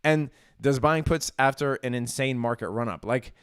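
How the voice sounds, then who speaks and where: A man's voice: mid-range voice, normal speed, clear, resonant tone, dry recording, studio quality. A man hosting a live-stream on the stock market, talking in an emphatic, casual way and often tossing in "dude" and "right?". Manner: emphatic, chatty, says "dude" and "right?" a lot.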